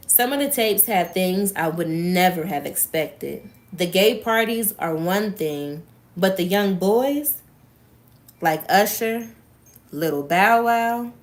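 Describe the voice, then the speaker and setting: A woman reading a book aloud on a live stream, breaking off for blunt, profane, emphatic asides. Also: mid-range voice.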